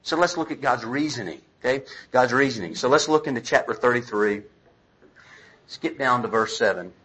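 Bright, husky male preacher. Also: mid-range voice, expressive, normal speed, low-quality recording. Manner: conversational preaching with paraphrased dialogue. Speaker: pastor. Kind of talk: sermon.

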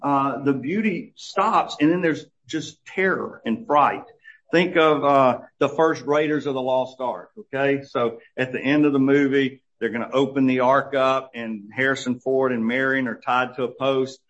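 A man's voice: mid-range voice, unhurried, fairly bright tone. A middle-aged man giving a conversational Bible teaching as a church teacher, telling stories with many fillers and restarts. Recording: dull lo-fi recording.

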